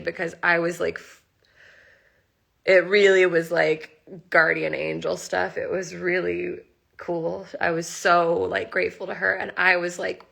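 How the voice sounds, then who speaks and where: A woman's voice: on the low side, gravelly, sharp tone. A young woman in a casual live stream, close to tears, telling a story emotionally and rambling, with lots of "like", into a phone mic. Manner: emotional, rambling, heavy use of "like". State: near tears. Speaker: animal rescuer and channel host.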